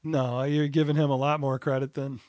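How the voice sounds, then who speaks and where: A man co-hosting a podcast, chatting casually and chiming in with quick asides. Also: mid-range voice, level tone, darkish tone, dry recording, studio quality. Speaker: podcast co-host. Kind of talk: casual chat.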